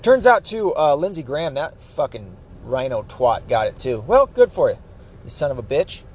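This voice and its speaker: A man's voice: medium pitch, sing-song, normal speed, husky. A man ranting angrily about politics, swearing constantly. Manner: angry, profane, ranting. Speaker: political commentator. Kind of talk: profane political rant.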